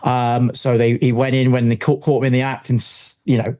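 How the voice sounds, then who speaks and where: A middle-aged British man, a guest paranormal investigator, telling stories in a casual, animated way and swearing freely. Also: medium pitch, fairly quick. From United Kingdom. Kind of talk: casual storytelling chat.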